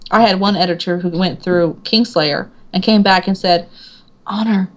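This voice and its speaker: A woman's voice: fairly low pitch, normal speed, lo-fi sound. A woman author being interviewed, chatting casually and acting out quoted voices with frequent laughter. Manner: animated storyteller, acts out quotes, laughs often. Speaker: author guest.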